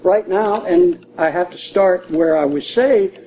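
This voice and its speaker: Slow, high-voiced older male preacher. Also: dark tone, a little hiss or hum, low-quality recording. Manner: conversational Bible teaching with repeated phrases for emphasis. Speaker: pastor. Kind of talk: sermon.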